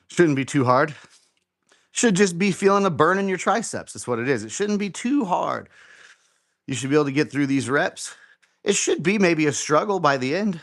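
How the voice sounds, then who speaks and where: Man coaching a live dumbbell workout. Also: medium pitch. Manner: casual coaching, counting reps aloud. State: a little out of breath while exercising. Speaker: fitness show host.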